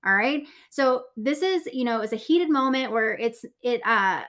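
Chatty woman with a fairly high voice. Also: expressive, measured pace, fairly bright tone. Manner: chatty, filler-heavy, asks "right?" often; acts out quotes in a lower voice. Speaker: Bible teacher. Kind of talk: casual Bible talk.

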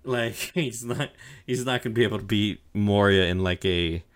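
A man's voice: fairly low pitch, moderate pace, clean tone. A young man co-hosting a podcast, casually retelling an anime arc with lots of fillers, swearing and quoted lines. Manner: rambling, profane, filler-heavy retelling with quoted voices. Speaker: podcast co-host recapping anime. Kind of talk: casual chat.

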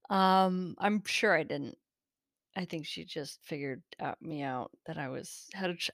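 A woman's voice: lowish voice, a bit bright, no room sound, clean studio sound. A woman, hosting a casual solo podcast, a little shaky from caffeine, rambling and giggling as she talks. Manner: rambling, giggly, self-interrupting. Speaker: podcast host.

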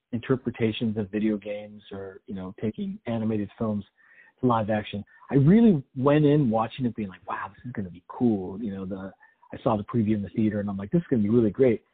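Husky man with wry humor. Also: medium pitch. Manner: wry, rambling, sarcastic humor. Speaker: podcast co-host. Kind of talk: casual movie review chat. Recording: tinny phone-like sound.

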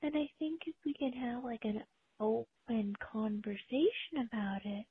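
A woman caller leaving a recorded question, talking slowly in a sultry, drawn-out way. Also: a little high, crowd noise. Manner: slow, breathy, sultry delivery with drawn-out pauses. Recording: tinny phone-line recording.

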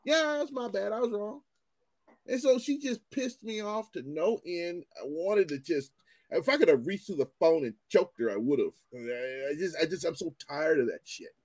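A man ranting in casual commentary, animated and profane, often repeating himself as he restarts his sentences. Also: sits high, moderate pace, dry recording.

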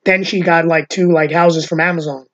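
A man's voice: fairly high pitch, fairly even intonation, normal speed, a bit bright, highs cut off. A man in his fifties from New York hosting a casual podcast chat, rambling and swearing freely. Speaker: podcast host. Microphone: video call.

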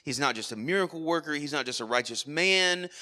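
A man's voice: on the high side, animated, a little fast, bright, forceful tone. A man preaching a sermon at a church worship service, earnest, with frequent rhetorical asides. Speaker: pastor.

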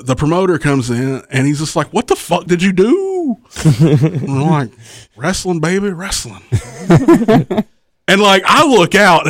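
A wrestling promoter appears as a guest on a podcast, spinning a rowdy story in a fairly high male voice. He swears freely, laughs often and acts out what the people in the tale said, all animated and profane. The recording is clean studio sound with no echo.

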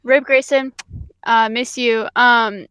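A young woman co-hosting a casual podcast, with a smooth, resonant voice pitched a little high. She talks quickly and rambles with a giggle, leaning on "um." The sound is close and dry. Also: steady tone, a bit bright, no echo. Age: young adult. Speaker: podcast co-host. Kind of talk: casual chat.

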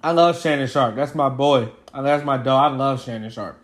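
A man's voice: mid-range voice, moderate pace. Male podcast co-host, loose rambling sports talk, mid-range voice. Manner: rambling, lots of fillers and restarts. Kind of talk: casual sports chat.

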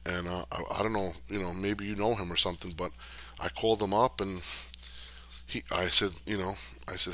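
A deep, sharp, steady male voice at normal speed belongs to a middle-aged podcast host. He reads viewer questions and answers them in a casual, rambling, streetwise manner, cursing and using lots of fillers.

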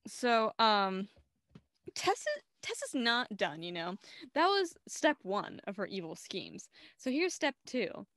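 A woman's voice: mid-range voice, wildly swooping pitch, slow, fairly bright tone, no room sound, studio quality. A young woman co-hosting a casual movie review, giggling and acting out characters' lines in playful voices. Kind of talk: casual chat.

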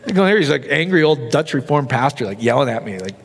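A man preaching a sermon, animated, often tossing rhetorical questions to the crowd. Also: mid-range voice, fast, gravelly, slightly rough. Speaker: pastor. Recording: long hall reverb.

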